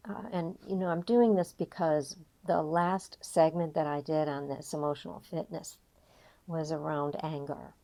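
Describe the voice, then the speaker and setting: An older woman coaching an emotional tapping session, reflective and gently guiding, with frequent pauses. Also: on the low side. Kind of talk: guided tapping session talk.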